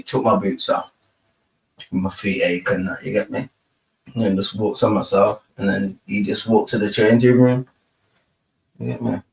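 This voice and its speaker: A young man telling a story in casual chat, full of street slang and tag questions. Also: fairly low pitch. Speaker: panel guest. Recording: roomy, distant from mic.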